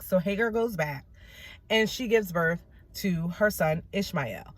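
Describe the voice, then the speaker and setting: A woman hosting a casual Bible study vlog, retelling scripture in an animated way with slangy asides. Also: fairly low pitch, a little slow, dry recording.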